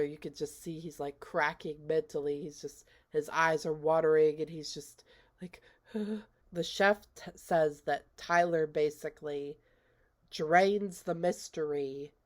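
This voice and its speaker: A woman giving a casual, unhurried recap of a film's plot, slipping into quoted lines and laughing now and then. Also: deep voice. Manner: unhurried, retells scenes with quoted voices and laughs. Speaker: movie reviewer.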